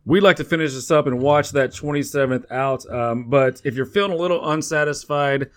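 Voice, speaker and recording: A man's voice: fairly high pitch, brisk, fairly bright tone. A man with a Texan accent co-hosting a sports betting podcast, bantering with boastful jokes. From Texas. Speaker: podcast co-host. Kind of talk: casual sports podcast chat.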